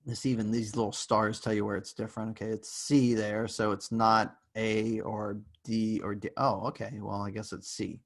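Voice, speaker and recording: A man's voice: fairly low pitch, level tone, moderate pace, few pauses. A male university lecturer giving an online class in a casual, joking way, rambling with fillers and asides.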